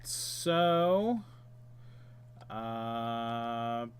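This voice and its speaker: Laid-back, slow-talking male game streamer. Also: mid-range voice, expressive, slight background noise. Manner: chatty, laid-back, muttering to himself while playing. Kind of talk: casual let's-play commentary, reading game text aloud.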